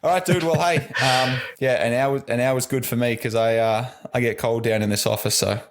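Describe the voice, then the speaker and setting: A man's voice: mid-range voice, fairly even intonation, moderate pace, a little hiss or hum. A man with an Australian accent, a guest on a podcast, chatting easygoing and rambling with lots of "like". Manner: easygoing, rambling, says "like" a lot. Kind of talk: casual podcast chat.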